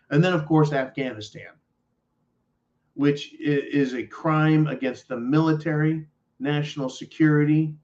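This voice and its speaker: A man hosts a live stream, answering his chat in a blunt, sarcastic, profane rant. His voice sits a little high for a man. It swings between low mutters and loud outbursts, and the audio comes through dull and lo-fi.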